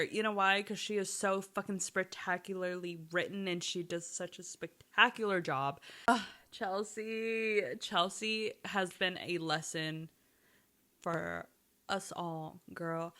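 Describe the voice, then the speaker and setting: A young woman chatting casually about a TV show, animated and swearing often, speaking in quick bursts. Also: medium pitch. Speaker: TV recap vlogger. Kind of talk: casual chat.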